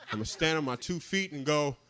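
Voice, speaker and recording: A young male comedian talks through his set in a fairly high voice. He rambles in a loose, self-mocking way and laughs at his own jokes. He often sinks into quiet, confiding asides. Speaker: stand-up comedian.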